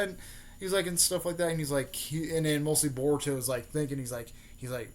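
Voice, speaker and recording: A man's voice: a little high, steady tone, brisk. A young man casually retelling a made-up story for his video channel, rambling with lots of fillers and restarts. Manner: rambling, many fillers and restarts, keeps adding "there" and "mostly". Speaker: YouTuber. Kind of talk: casual fan-theory storytelling.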